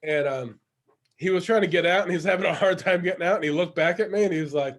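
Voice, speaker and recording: A man hosting a casual podcast chat, telling a story in an animated way and laughing often. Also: high-pitched, fast talker. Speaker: podcast host.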